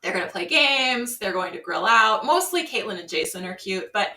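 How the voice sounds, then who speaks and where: Bright-voiced woman recapping, roomy and distant. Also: mid-range voice, moderate pace. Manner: animated storytelling with acted-out quotes. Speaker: podcast co-host. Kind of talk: casual recap chat.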